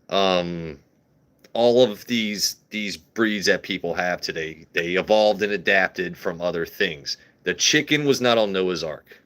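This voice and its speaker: A man with a lowish voice hosts a relaxed whiskey livestream, riffing crudely and joking with viewers. He speaks off the cuff, swearing freely while he chats and pours.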